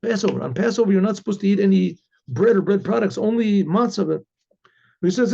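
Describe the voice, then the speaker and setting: A rabbi telling a story, animated and full of quoted voices, who often clears his throat and restarts his words. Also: sits high, brisk. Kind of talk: storytelling talk. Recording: dull lo-fi recording.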